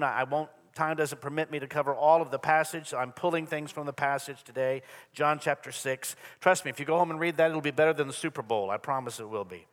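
A long hall reverb surrounds this pastor's slightly high, fairly bright male voice as he preaches on Sunday in the church sanctuary. His delivery is earnest and repetitive, lightened by dry humor.

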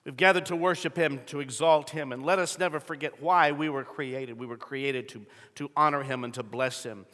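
A middle-aged man preaching to a congregation, telling a story and building to loud emphatic peaks, with frequent throat clearing. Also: mid-range voice, steady tone, normal speed. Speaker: pastor. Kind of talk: sermon. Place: large church sanctuary. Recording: long reverb of a large hall.

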